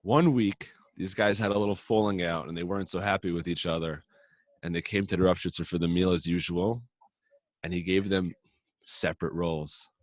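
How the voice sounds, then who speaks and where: Low-voiced man, earnest storyteller, dry. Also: steady tone, moderate pace, no echo. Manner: earnest storyteller, rises in pitch for quoted lines. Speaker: podcast co-host. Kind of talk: casual storytelling chat.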